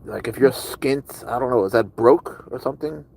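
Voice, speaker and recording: A man chats casually on a live stream, reading and answering his viewers' comments. He talks in a loose, rambling way and sounds curious about the people he is talking to. His pitch sits in an ordinary middle range. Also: normal speed, vocal fry, darkish tone, husky, low-quality recording.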